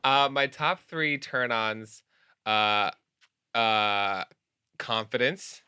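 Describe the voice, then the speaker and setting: A man's voice: mid-range voice, very slow, pushed and bright, smooth, no echo. A young man hosting a podcast in a studio, explaining a party game, laughing often and swearing playfully. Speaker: podcast host. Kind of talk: casual chat.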